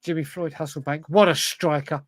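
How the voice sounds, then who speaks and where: High-pitched english guy cohosting a footy pod, swears a lot, dry close sound. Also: fairly even intonation, fairly quick, no echo. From England. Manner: swears freely, blurts answers, talks to himself. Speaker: podcast co-host. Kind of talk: casual chat while playing a football quiz.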